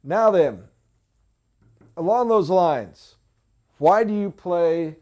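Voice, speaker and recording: A man's voice: high-pitched, lively intonation, very slow, darkish tone. A middle-aged man giving an emphatic, preachy motivational talk as a sales trainer in a training room.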